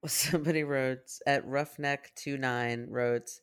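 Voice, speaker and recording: A podcast co-host in casual chat, wry and calm, reading listener posts aloud. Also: mid-range voice, a little slow, clean tone.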